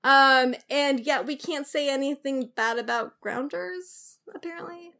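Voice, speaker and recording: High-pitched woman ranting on a podcast, lots of ums and likes. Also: measured pace, vocal fry. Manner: animated, ranting with many fillers. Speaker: podcast co-host. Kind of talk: casual chat.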